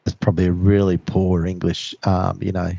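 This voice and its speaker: A man's voice: low voice, little pitch movement, moderate pace, gravelly, warm tone, dull audio, a little hiss or hum. A man with an Australian accent, co-hosting an outdoor plane-spotting live stream, friendly and chatty as he greets viewers. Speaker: co-host reading live chat. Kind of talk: casual live stream chat. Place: outdoors at an airport.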